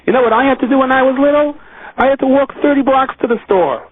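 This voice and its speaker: A man's voice: very high voice, quick pace, no echo, pitched above the performer's own voice. A man voicing a mother guilt-tripping her child, heard over a tinny phone line.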